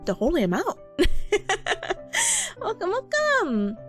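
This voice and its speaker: Very high-pitched giggly woman streamer. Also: huge pitch swings, very slow, a bit bright, soft background music. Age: young adult. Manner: bubbly, giggly, rambling. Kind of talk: casual livestream chat.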